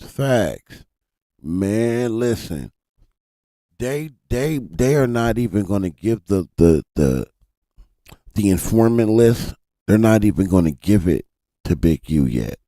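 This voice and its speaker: A man's voice: low-pitched, takes it slowly, no room sound, studio quality. A man hosting a live stream, talking animatedly to his chat in a casual, profane way. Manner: animated, swears freely, addresses chat directly. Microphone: desk mic.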